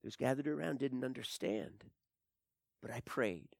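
A man performing a dramatic first-person monologue, swinging between hushed whispers and anguished cries. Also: mid-range voice, lively intonation, unhurried, creaky, no echo, studio quality. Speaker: storyteller.

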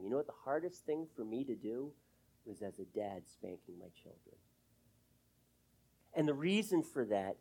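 Middle-aged guy preaching, voice goes all over the place, loud then almost whispering, really earnest. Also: mid-range voice. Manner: swings from loud emphatic passages to hushed, near-whispered asides; earnest, drawn-out stress on key words. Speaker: pastor. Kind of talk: sermon.

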